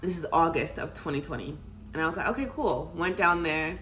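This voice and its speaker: A young woman in her twenties tells a casual vlog story to her viewers, animated and laughing and calling them y'all. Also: low voice, fairly quick, slight background noise. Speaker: vlogger.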